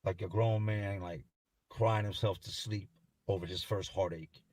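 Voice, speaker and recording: A man tells a first-person story in a somber, haunted way, often pausing and breaking off. His voice is husky and sits on the low side. The sound is dry and close to the mic. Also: steady tone, a little mellow, dry recording.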